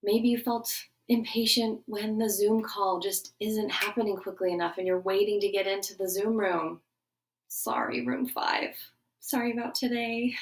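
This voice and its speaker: A middle-aged woman giving a gentle morning lesson to schoolchildren, coaxing them through a breathing exercise. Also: medium pitch, fairly even intonation, normal speed. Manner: warm, coaxing teacher voice, guiding breathing. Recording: voice a bit distant from the mic.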